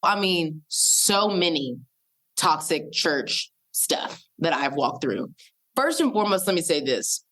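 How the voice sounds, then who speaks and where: Lively woman guest, low-pitched storyteller. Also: slow. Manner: lively, uses voices for quoted people. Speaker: podcast guest. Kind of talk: animated storytelling in casual conversation.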